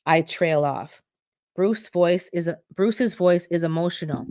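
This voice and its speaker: Dry, unhurried memoir reader. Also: medium pitch, darkish tone, dry recording. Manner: unhurried reading with occasional slips and self-corrections. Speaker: channel host reading for a book club. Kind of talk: reading a memoir aloud.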